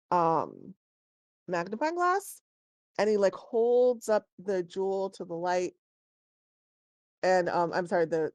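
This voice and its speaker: A woman's voice: medium pitch, a little mellow, no echo. A woman narrating as game master in a tabletop game, chatty and digressive, often correcting herself.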